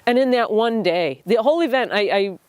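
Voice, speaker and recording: Lady host, earnest and a bit choked up, smooth clear voice, super dry close sound. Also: fairly high pitch, lively intonation, darkish tone, no echo. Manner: earnest, reflective, with pauses and restarts. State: emotional. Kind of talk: personal talk to camera.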